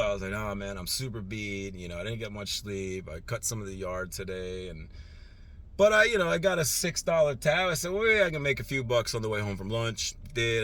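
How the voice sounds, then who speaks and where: A man's voice: sits low, a little hiss or hum. A tired man, a rideshare driver, talking casually and profanely to the camera from his parked vehicle, rambling and getting heated in spots. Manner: rambling, profane, animated when ranting. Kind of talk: casual vlog monologue. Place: parked vehicle at airport lot.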